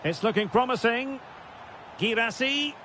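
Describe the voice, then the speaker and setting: A man with a very high, animated, unhurried voice provides recorded play-by-play for a football video game. He calls player names crisply, building to shouted goal calls, over slight background noise.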